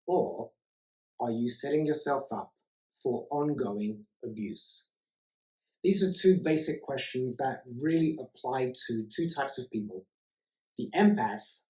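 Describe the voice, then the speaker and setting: A man's voice: medium pitch, a little mellow. Man, life coach, self-help talk, emphatic, repeats words for stress, echoey room. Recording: roomy echo.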